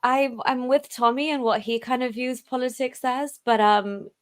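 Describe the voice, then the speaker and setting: A woman who is a guest on a casual live-stream, speaking in a friendly, measured way and laughing easily. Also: high voice, steady tone, clean tone, dry recording, clean studio sound.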